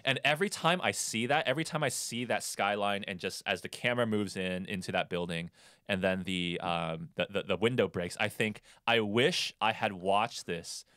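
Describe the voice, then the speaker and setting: Casual male podcast co-host, low voice, loose rambling delivery, dry close sound. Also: brisk, fairly bright tone, clean tone, dry recording. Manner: rambling, with many fillers and restarts. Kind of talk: casual movie discussion.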